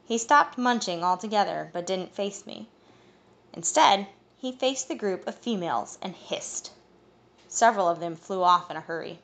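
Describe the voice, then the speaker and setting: A woman reading a fantasy audiobook in first-person narration, steady and even. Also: mid-range voice, moderate pace, gravelly.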